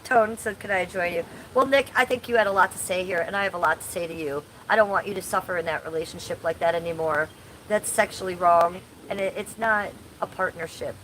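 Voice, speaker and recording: A woman's voice: on the low side, fairly quick, fairly bright tone, a little hiss or hum, rough recording. A woman in her forties hosting a casual livestream from home, chatting bluntly and crudely while reading chat aloud. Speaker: livestream host.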